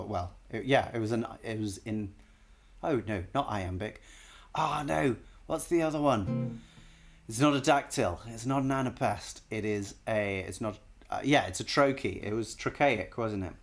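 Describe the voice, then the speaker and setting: A man's voice: on the low side, gravelly. A man analyzing a song on a live stream, casually singing short bits of melody to show the notes and often stopping to correct himself.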